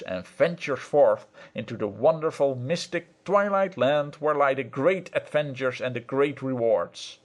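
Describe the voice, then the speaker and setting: Man narrating an audiobook, steady. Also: mid-range voice. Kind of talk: scripted first-person narration.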